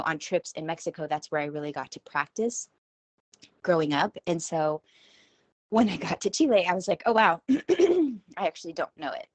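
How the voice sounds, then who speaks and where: Chatty woman, low-pitched, dry sound. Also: darkish tone, no room sound. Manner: chatty, rambling, self-deprecating, laughs at herself. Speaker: podcast host. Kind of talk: casual spoken monologue. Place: at home.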